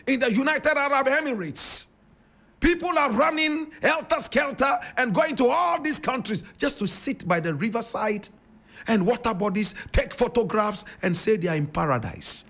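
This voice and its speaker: A man's voice: extremely high pitch, vocal fry, a bit bright. A man with a Ghanaian accent giving impassioned commentary, emphatic and preaching, firing rhetorical questions. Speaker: radio commentator.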